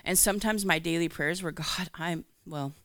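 A woman giving a candid, animated personal faith testimony, acting out her own lines of dialogue as she tells it. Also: fairly low pitch, normal speed, no echo, studio quality. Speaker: Christian speaker.

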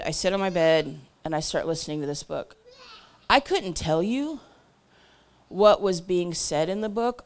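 A woman telling a testimony story to a church crowd in a chatty way, full of asides, that swings from loud bursts to whispers. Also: low voice, smooth. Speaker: church speaker.

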